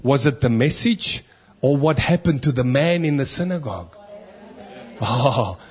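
A man's voice: mid-range voice, animated, unhurried. A man preaching a sermon in church, emphatic, asking rhetorical questions and reading scripture aloud.

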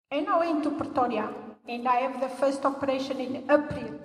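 An older woman, giving a personal testimony in church in halting English. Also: sits high. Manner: halting non-native English, earnest storytelling. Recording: echoey hall, voice from far off.

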